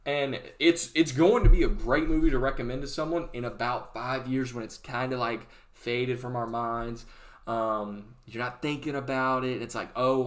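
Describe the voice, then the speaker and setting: A young adult man hosting a movie review vlog, talking in a chatty, rambling way that keeps interrupting itself. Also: medium pitch. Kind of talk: casual rambling vlog rant.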